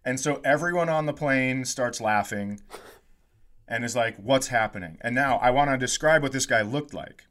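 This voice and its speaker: A man's voice: mid-range voice, normal speed. A man hosts a casual comedy podcast in an ordinary mid-range voice. He spins a story with real energy, slips into the voices of the people in it and laughs along as he goes. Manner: animated storyteller, acts out quotes, laughs often.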